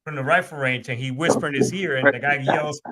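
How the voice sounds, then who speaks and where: A man's voice: mid-range voice, quick pace, over a noisy crowd. A man in casual podcast chat, rambling with frequent restarts and blunt profanity.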